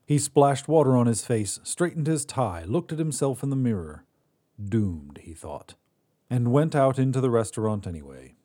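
A man hosting a fiction podcast, reading a short story in a measured way that drops quiet on sad moments. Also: medium pitch, lively intonation. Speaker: podcast host and narrator. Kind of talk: scripted story narration.

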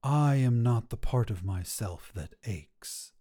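Man voicing a cold, calm witch. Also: mid-range voice. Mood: cool. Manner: measured, cool. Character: cold, calm woman witch, aloof and weary.

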